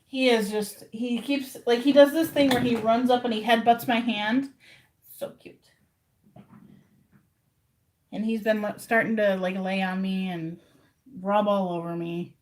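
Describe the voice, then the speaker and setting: A woman's voice: medium pitch, fairly even intonation, unhurried, long pauses, darkish tone, slight background noise. Woman, livestreamer, casual chat, rambling, chatty, at home in her room. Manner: rambling, chatty, talks to viewers directly.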